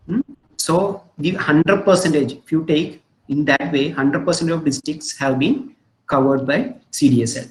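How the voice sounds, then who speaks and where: A man with an Indian English accent gives a webinar lecture over a video call. He talks haltingly, with many fillers and frequent "hmm?" check-ins to listeners. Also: fairly high pitch, echoey room, low-quality recording. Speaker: webinar presenter on investing. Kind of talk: online lecture with slides.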